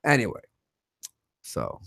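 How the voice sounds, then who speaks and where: Profane, animated male livestream host. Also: dry recording, clean studio sound. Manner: animated, profane, quick to rant. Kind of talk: casual livestream chat.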